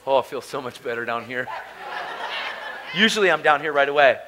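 A man preaching his personal testimony at a conference. He swings from hushed storytelling to loud, emotional shouting. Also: medium pitch, a little fast, crowd noise, noisy background.

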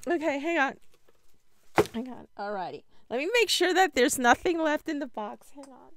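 This American woman, a paper crafting vlogger, chats casually to camera while unboxing a craft swap, exclaiming, laughing and gushing with giddy excitement. Her high, animated voice is fairly bright and moves at a moderate pace, with slight hiss or hum.

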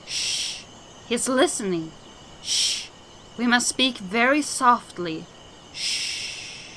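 A woman's voice: a little high, lively intonation, slow, bright, forceful tone, slight background noise, exaggerated voice. A woman voicing a mad old male shaman who talks about himself in the third person in broken, childlike phrases. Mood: secretive. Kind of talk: game dialogue voicing.

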